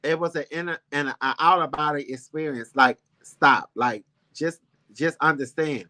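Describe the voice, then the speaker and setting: A man's voice: a little high, moderate pace, sharp tone. A man hosting a casual talk show, telling a personal story in a heartfelt, rambling, emphatic way. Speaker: show host.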